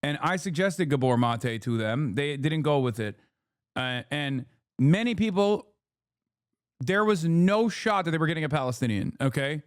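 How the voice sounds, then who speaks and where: A male host on a live stream, reacting with emphatic, profane outrage. His voice sits a bit high for a man, and the sound is dry and close with no room echo. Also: expressive, moderate pace, clean tone. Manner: heated, profane, emphatic, rhetorical questions.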